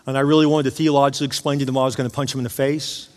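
A man's voice: medium pitch, flat delivery, racing, a little mellow. A man who is a pastor, preaching a sermon and telling a personal story with rising emotional intensity. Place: church auditorium. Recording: long hall reverb of a church.

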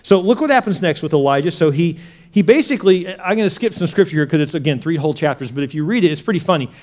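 Chatty preacher man, fairly high voice. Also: fast talker. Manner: conversational, repeats words, swings from quiet to animated. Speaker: pastor. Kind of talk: sermon.

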